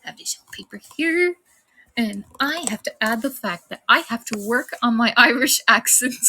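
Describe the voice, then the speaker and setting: A young woman streaming live, talking in an unhurried, easygoing way and giggling between thoughts. Her voice sits a little high and rings bright and clear as she chats with her viewers and thanks them by name. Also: animated. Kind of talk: casual live-stream chat.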